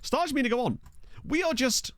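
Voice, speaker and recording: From a small bedroom, a football management game streamer chats casually with live viewers at a normal speed. An animated storyteller, he rambles, laughs frequently, and lets his pitch swing a lot. The nearby desk USB mic gives a dry sound free of room echo.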